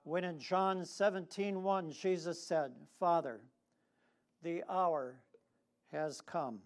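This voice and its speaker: Slow, deliberate male preacher. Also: fairly high pitch. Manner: leads the congregation in responsive reading. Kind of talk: sermon.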